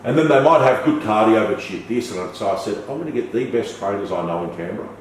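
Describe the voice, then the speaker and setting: A low-voiced, fast-talking middle-aged man tells stories with gusto as a podcast guest, throwing in curses and acting out what people said. The audio comes from far off in an echoing room, with a little noise underneath.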